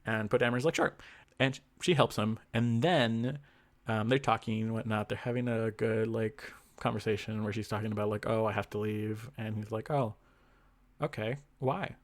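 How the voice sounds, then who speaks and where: A man's voice: lowish voice, fairly even intonation, normal speed. A man co-hosting a podcast, rambling through a fanfic plot in casual chat, with lots of fillers and quoted lines. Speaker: podcast co-host.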